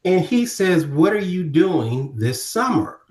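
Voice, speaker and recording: A middle-aged man from Ohio, telling stories as a podcast guest in a lively conversational way and acting out other people's voices. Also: sits high, takes it slowly. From Ohio, USA. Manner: animated storyteller, acting out quoted voices. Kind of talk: storytelling in casual conversation. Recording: roomy echo.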